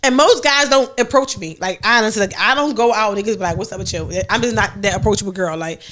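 A young woman hosting a podcast, telling loud, laughing stories in casual chat and acting out the people she quotes. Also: mid-range voice, fast, slight background noise. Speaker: podcast host.

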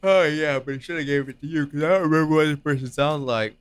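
A man's voice: on the high side, fast talker, clean tone, no room sound. A young man co-hosting a casual chat, teasing his friends and explaining a party game. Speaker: co-host.

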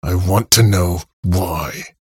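A man voicing an angry young man trapped in a cave, speaking in a cold, intense tone with a husky, creaky voice. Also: low-pitched, moderate pace, a bit bright, full character voice. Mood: cold anger.

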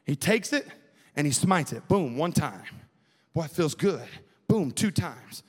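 In a church sanctuary during an evening service, a young man delivers a fervent youth sermon in the Pentecostal style, urging the crowd to answer back. His voice sits on the high side, with lively intonation, a slightly slow pace and a breathy edge, all carried in a rhythmic preaching cadence. The big hall lends a long reverb.

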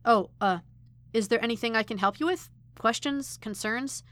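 A woman's voice: on the high side, moderate pace, fairly bright tone, pitched above the performer's own voice, lightly acted. A woman doing a chirpy eager young guy. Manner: chirpy, eager, awkwardly polite. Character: cheerful young male student IT helper.

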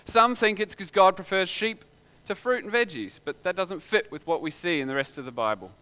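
A man's voice: high voice, fairly quick, sharp tone, clean tone. A man preaching a sermon in a conversational way, full of rhetorical questions.

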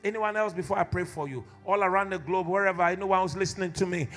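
A man with a high-pitched voice preaches fervently to his congregation as their pastor. His sermon swings between hushed reflection and loud, shouted calls to the faithful, with soft music faintly underneath. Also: steady tone, quick pace. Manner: impassioned preacher who builds to shouted exhortation. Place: church.

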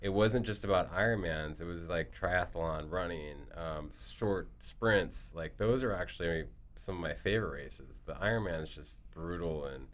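A middle-aged man telling stories in casual chat, animated, acting out quotes and dropping to a hushed voice for tense moments. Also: deep voice, normal speed, hardly any pauses. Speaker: guest.

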